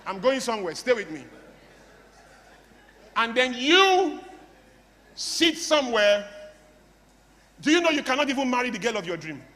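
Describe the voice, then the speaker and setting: A man's voice: very high voice, sing-song, normal speed, long pauses, sharp tone, long reverb tail, a little hiss or hum. A man with a Nigerian English accent giving a playful motivational talk to a live audience, mimicking broken English for laughs. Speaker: motivational speaker.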